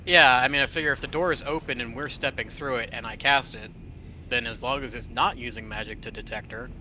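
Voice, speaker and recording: A man's voice: mid-range voice, a little fast, pushed and bright, slight background noise, poor audio. A man playing a tabletop game, talking through rules in a casual way. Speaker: player.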